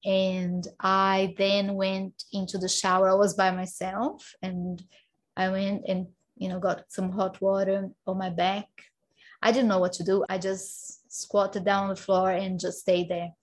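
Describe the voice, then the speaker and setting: A woman in her thirties telling her birth story in a casual chat, lively and often laughing. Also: medium pitch, unhurried. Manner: animated, laughing, acts out quoted voices.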